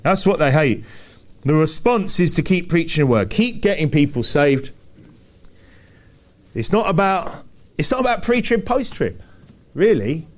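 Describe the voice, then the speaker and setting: A man with a notably high voice delivers a sermon in a forceful, repetitive cadence. He hammers his points home again and again and throws rhetorical questions out to the congregation. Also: sing-song, a little slow, pauses often. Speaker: preacher.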